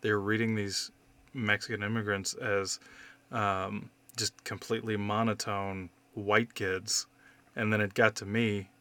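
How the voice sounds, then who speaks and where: A man in his thirties telling candid stories in relaxed podcast talk. His voice sits on the lower side but sounds bright and forward. He swears casually and talks with animated energy. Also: measured pace. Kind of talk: casual conversation.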